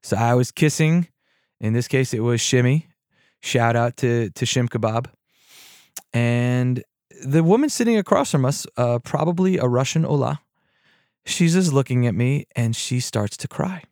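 A man hosting a podcast on mindful listening, calm and unhurried with self-mocking humor, who moves into guiding a meditation. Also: medium pitch, no room sound, studio quality. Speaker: podcast host and meditation teacher. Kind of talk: reflective podcast talk and guided meditation.

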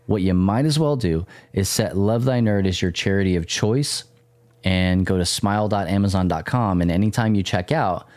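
A man's voice: sits low, normal speed, a little mellow, no echo. Jokey rambling male podcast host. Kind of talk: casual chat.

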